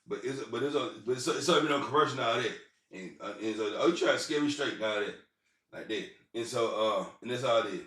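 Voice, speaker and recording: A vlogger with a middle-pitched, slightly bright voice rambles through personal stories, swearing casually and haltingly repeating and restarting his phrases. The sound is roomy and distant, as though he sits well back from the mic.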